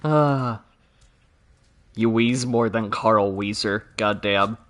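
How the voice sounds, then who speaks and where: A man's voice: fairly low pitch, takes it slowly, fairly bright tone. A man streaming a video game, joking sarcastically and chatting with viewers. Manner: joking, sarcastic, talks to chat. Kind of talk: casual game commentary.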